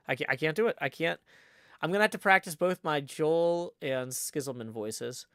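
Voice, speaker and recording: A man's voice: a little high, moderate pace, a bit bright, clear, resonant tone, dry recording, clean studio sound. Rambling, playful male streamer. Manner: rambling and playful, many restarts. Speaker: livestreaming gamer. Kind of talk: casual livestream chat.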